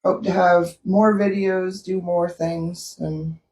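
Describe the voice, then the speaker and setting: A woman's voice: fairly low pitch, steady tone, slow, darkish tone. A woman from Canada co-hosting a vlog, telling a story in casual chat and laughing often. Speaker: vlog co-host. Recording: roomy echo, distant from the mic.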